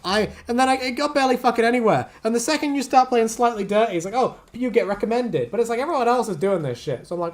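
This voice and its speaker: A woman's voice: on the high side, lively intonation, fast talker, few pauses. An English woman ranting and joking crudely on a casual livestream, swearing freely. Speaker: streamer.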